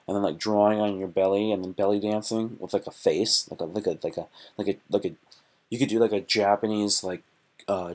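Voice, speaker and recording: A man with a fairly low, darkish-toned voice hosts his own live stream, rambling and joking in a profane, repetitive way.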